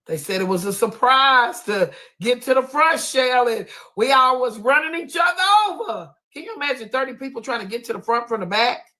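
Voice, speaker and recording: A woman telling a comic story in a persona, animated and dramatic, repeatedly exclaiming and swinging between loud outbursts and hushed asides. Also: fairly high pitch, moderate pace, hardly any pauses. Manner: animated, exclaims "oh, girl" over and over.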